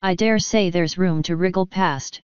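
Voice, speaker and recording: A woman's voice: on the low side, smooth, no room sound, muffled recording, natural voice. Woman voicing a stern old fairy matriarch. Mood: commanding. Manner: slow, commanding, canny. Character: ancient tiny Scottish-voiced fairy clan mother, stern.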